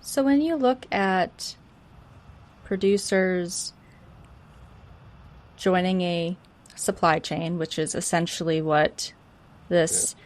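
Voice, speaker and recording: A woman's voice: fairly low pitch, takes it slowly, long pauses. A woman podcast host asking long, carefully framed interview questions. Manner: asks long, framing questions.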